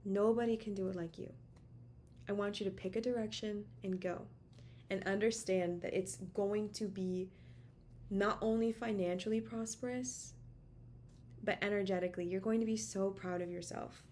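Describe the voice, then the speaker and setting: A tarot reader in her home office speaks to camera with a steady, medium-pitched, darkish voice at a moderate pace. Her channeled message is casual, encouraging and emphatic, with repeated words for stress. The camera mic picks up a little hiss or hum.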